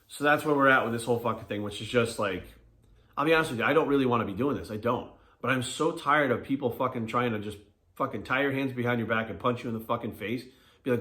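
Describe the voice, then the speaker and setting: A man's voice: mid-range voice, fast, pushed and bright. A man, a personal trainer, ranting casually in a vlog, swearing constantly and acting out what others said to him. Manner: heated, swears constantly, acts out quotes. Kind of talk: casual profane vlog rant. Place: Fairfax, Virginia area.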